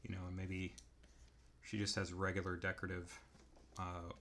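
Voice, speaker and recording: A man with a lowish voice talks through his drawing process, unhurried and musing. He thinks aloud between pauses in a casual, easygoing way, like an artist explaining his design choices. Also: completely flat delivery, fairly bright tone, a little hiss or hum. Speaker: artist demonstrating character design.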